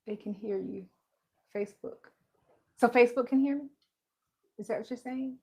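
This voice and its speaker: A woman's voice: fairly high pitch, normal speed, darkish tone, husky. A woman hosting a casual embroidery livestream from home, chatty and joking, laughing often and greeting viewers by name. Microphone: live-streaming setup.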